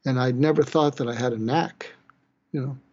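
An older man, a psychiatrist from the East Coast, tells a moving personal story in a halting way, with sighs, restarts and quiet moments. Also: mid-range voice, steady tone, slightly rough, highs cut off. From Boston, East Coast US. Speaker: psychiatrist telling his story. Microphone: webcam or video call.

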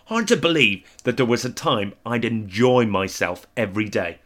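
A man in his forties performing a self-deprecating comic monologue, deadpan with sudden exaggerated outbursts. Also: mid-range voice, normal speed. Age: 40s. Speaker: comedian.

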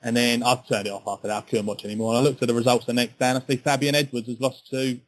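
A man's voice: medium pitch, little pitch movement, racing, poor audio. A man co-hosting a sports podcast in casual, chatty talk, often repeating his words. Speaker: podcast co-host.

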